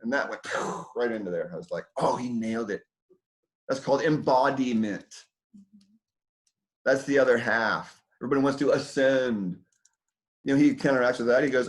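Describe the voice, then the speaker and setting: A man with a medium-pitched voice, speaking at normal speed, hosts a community dinner talk for a small indoor group. He rambles loosely with lots of fillers and casual swearing, and the recording is rough.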